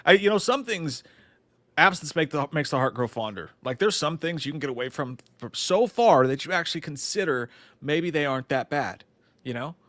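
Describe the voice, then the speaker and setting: A man's voice: on the high side, expressive, normal speed, fairly bright tone, dry recording. A man co-hosting a live movie news stream, chatting casually, swearing freely, laughing often and reading viewer comments aloud.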